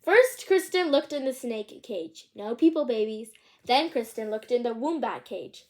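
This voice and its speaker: A woman's voice: on the high side, expressive, measured pace, darkish tone. Woman reading a picture book aloud with chatty asides.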